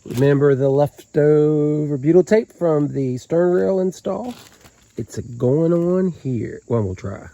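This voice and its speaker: Out beside a boat resting on the ground, a DIY boat-repair vlogger talks viewers through the repair in a folksy, joking, casual how-to manner while he works. His Southern Appalachian voice is fairly high, gravelly and mellow, and he speaks slowly. The sound is lo-fi.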